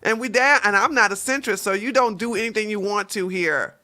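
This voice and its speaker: A woman's voice: mid-range voice, fairly quick, pushed and bright. A woman hosting a political commentary livestream, brash, profane and sassy, firing off mocking outbursts between stories she reads aloud.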